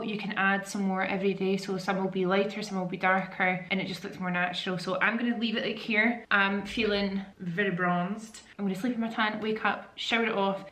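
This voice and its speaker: Chatty woman vlogging in an echoey room. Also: mid-range voice. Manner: chatty, excitable, rambling asides. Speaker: beauty vlogger. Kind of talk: casual vlog chat. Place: at home, part of it in her bathroom. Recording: echoey room with faint ambience.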